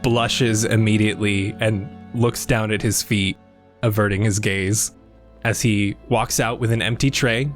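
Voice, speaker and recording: A man narrating a tabletop role-playing game as game master, describing scenes briskly. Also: on the low side.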